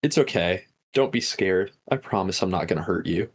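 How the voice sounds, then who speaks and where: A man voicing a worried mother with a flat, deadpan delivery. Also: low voice, moderate pace, husky, voice pushed down.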